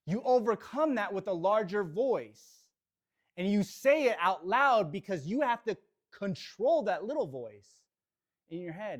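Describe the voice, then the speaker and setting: Animated, high-voiced man coaching a room. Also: moderate pace. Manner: energetic, motivational, speaks straight to the audience. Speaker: real estate trainer. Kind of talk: live training session talk.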